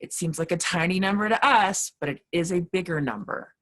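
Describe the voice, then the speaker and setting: A woman's voice: on the low side, brisk, fairly bright tone. A woman teaching a casual class on poetry, talking loosely with many fillers and restarts. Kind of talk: casual lecture.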